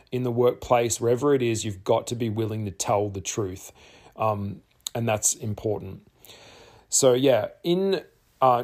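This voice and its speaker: A man's voice: lowish voice, a little mellow. An Australian man talking candidly to the camera, earnest and rambling, often repeating phrases for emphasis. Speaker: tarot artist and vlogger.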